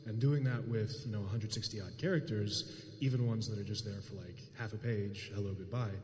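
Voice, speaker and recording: A man's voice: fairly low pitch, a little fast, a little mellow. A man in the audience eagerly asking an author a question in a casual way. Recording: roomy hall echo.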